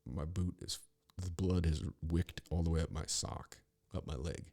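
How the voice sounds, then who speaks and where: Man, podcast host: very low, gravelly voice with a dark tone; casual, profane, rambling storytelling. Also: moderate pace. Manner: profane, rambling, with frequent restarts.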